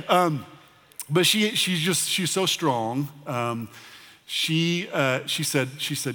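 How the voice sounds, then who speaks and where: A man's voice: medium pitch, unhurried, pushed and bright. A middle-aged man, a pastor, giving church announcements in a conversational manner, often restarting and filling his sentences. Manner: conversational, with frequent fillers and restarts. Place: large church auditorium. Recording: long hall reverb of a church auditorium.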